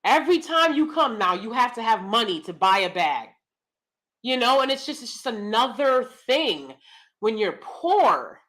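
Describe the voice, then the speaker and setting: Animated, bright-voiced woman telling a story. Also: a little high, a little slow. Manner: animated storytelling, acting out both sides of a dialogue; exasperated, repeats words and restarts. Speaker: speaker telling a personal story. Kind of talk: casual ranting monologue.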